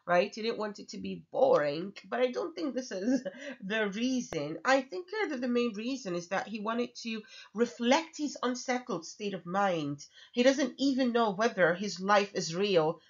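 A woman giving a literature lecture in a chatty way, with many fillers and frequent "okay?" checks. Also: mid-range voice. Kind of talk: recorded online lecture. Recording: slightly dull lo-fi audio.

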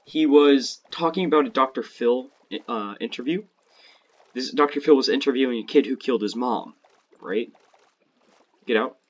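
A man's voice: mid-range voice, moderate pace, long pauses, highs cut off, a little hiss or hum. A man chatting casually with a friend while gaming, telling crude joking stories. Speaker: gamer playing with a friend.

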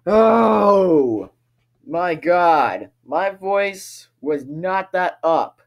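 A man giving excitable gameplay commentary, laughing often and shouting his reactions at the game. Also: high voice, slow, lo-fi sound. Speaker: let's play gamer. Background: game music.

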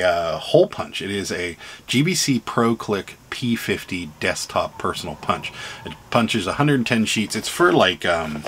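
Talking on his vlog, a reseller with a Pittsburgh accent rambles casually about the things he's sold, filling gaps with plenty of ums and the occasional laugh. His voice is deep with a fairly bright tone, and a slight hiss or hum sits under the recording.

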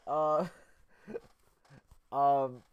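A man's voice: medium pitch, level tone, very slow, clean tone, no echo, highs cut off. A man streaming live, reading an interactive story game aloud with chatty, joking asides. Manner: chatty, laughs often, jokey asides.

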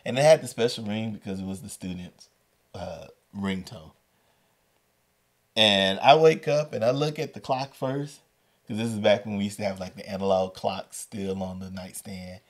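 A man with a fairly low voice hosts a storytelling podcast. He tells his stories with energy, acting out the voices and shifting his pace for effect. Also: moderate pace. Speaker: podcast host and educator.

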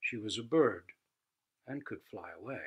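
A man who teaches Zen, telling a fable slowly and expressively. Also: on the low side, breathy edge, lo-fi sound. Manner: slow, expressive storytelling. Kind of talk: storytelling talk.

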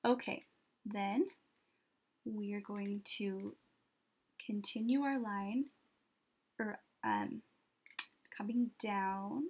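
A woman teaching children an art lesson step by step, patient and gently encouraging, often pausing as she draws. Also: medium pitch, fairly even intonation, slightly rough.

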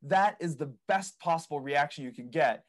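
A man on the high side, talking at a moderate pace, is a guest on a podcast, chatting casually with the interviewer. His property-investing stories come with acted-out reactions from other people, and he laughs at them himself.

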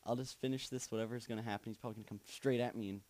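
A man's voice: medium pitch, steady tone, racing, a little mellow. A young man commentating a horror game he is playing, muttering nervously, chanting to himself and swearing, with sudden screams. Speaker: gaming channel host.

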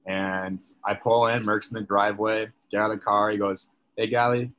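A man's voice: on the low side, level tone, normal speed, a bit bright. A young man, a podcast guest, telling a story in casual chat, leaning on "like" as a filler. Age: young adult. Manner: chatty, filler-heavy, leans on "like".

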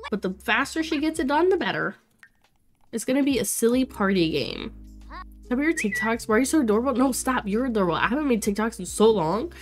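A young woman streaming a life-sim game, chatting to her viewers in an excitable way with frequent exclamations and laughs. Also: a little high, quick pace, faint music behind. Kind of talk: casual let's play commentary.

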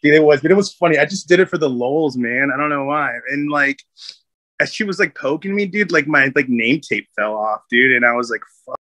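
A man's voice: on the high side, animated, brisk, sharp tone, no room sound. A man, a Marine veteran, casually telling stories from his service, rambling with many fillers and frequent laughs. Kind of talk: casual storytelling.

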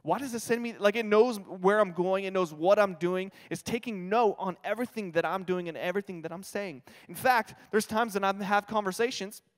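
A New Mexican man in his thirties preaches a chatty, self-deprecating sermon in a high voice. His words ring out with a long reverb in a church auditorium. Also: a little fast, few pauses. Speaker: pastor. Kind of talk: conversational sermon.

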